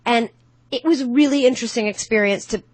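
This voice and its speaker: A woman's voice: fairly high pitch, fast talker, no echo. A woman in her fifties, a podcast guest, telling stories with animation and acting out quoted voices. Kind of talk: casual conversation.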